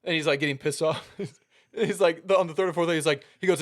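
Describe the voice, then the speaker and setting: A young man casually telling a story as a podcast co-host, animated and laughing through the punchlines as he acts out his coaches' lines. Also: on the high side, quick pace.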